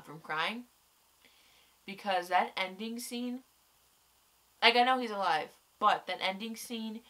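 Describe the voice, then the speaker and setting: In a casual chat, a young woman reviews a TV episode in a mid-range voice. She's rambling, excitable, and heavy on the swearing, though she sounds tired and stuffy from having cried.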